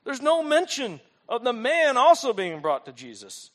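A man's voice: extremely high pitch, wildly swooping pitch, moderate pace, a bit bright. A male pastor preaching a sermon, telling stories with humor and frequent rhetorical questions.

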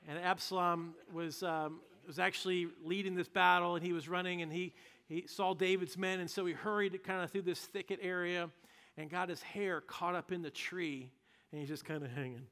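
A man's voice: high-pitched, steady tone, normal speed, a bit bright. A male pastor preaching a sermon, retelling scripture in a casual, joking storytelling manner.

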